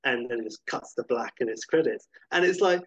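Male podcast co-host, enthusiastic film chat, husky voice, dull lo-fi recording. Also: medium pitch, fairly quick, dry recording. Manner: enthusiastic, animated when retelling scenes.

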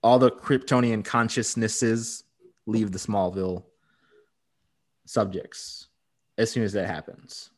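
A man's voice: on the low side, slow, pauses often. A man co-hosting a podcast, recapping an episode in casual chat and laughing often. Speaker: podcast co-host.

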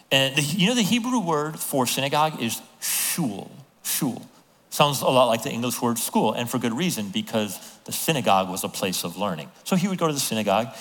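A man preaching a sermon as a pastor, telling the story with lively acted-out voices of the people in it. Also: mid-range voice. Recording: long hall reverb.

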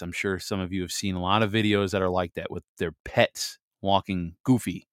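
Chatty low-voiced American man, dry sound. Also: smooth, no room sound. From United States. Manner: chatty, laughs at himself, reads scripture in a steady measured way. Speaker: podcast co-host. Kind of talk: casual talk and scripture reading.

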